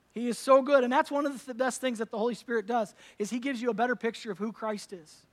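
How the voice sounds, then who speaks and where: Male pastor, high voice, emphatic preaching from loud to hushed at a church service. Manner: emphatic and conversational, swinging from loud to soft. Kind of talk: sermon.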